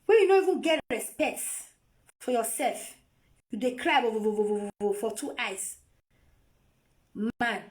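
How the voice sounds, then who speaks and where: A woman's voice: on the high side, animated, a little slow, pauses often, a little mellow. A Nigerian woman on a phone live video, lecturing her viewers in a scolding, repetitive way. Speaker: vlogger.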